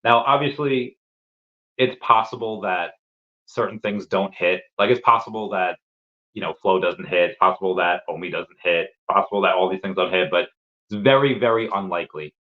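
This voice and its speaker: A man's voice: low-pitched, normal speed, lo-fi sound. A man hosting a casual crypto livestream, reading chat comments and rambling with lots of fillers and repeated words.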